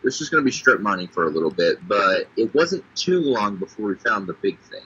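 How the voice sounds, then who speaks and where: A low-voiced man with a husky, tense edge, trading crude, sarcastic jabs during casual game chat. He swears freely and teases his partner. The sound is a dull, lo-fi mic recording. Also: very animated, a little fast, sharp tone. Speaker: guest player.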